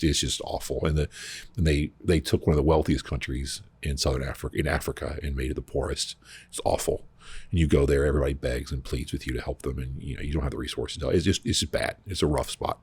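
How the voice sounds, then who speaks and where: Brief: male podcast co-host, very low and husky voice, rambling anecdotes. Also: no echo. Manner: animated, rambling storyteller. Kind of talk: casual storytelling chat.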